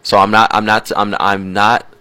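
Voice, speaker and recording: A man's voice: on the low side, flat delivery, normal speed, sharp tone, dry recording. A man co-hosting a sports talk show, chatting in a playful, teasing way and laughing easily. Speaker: sports radio co-host. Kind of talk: casual sports talk chat.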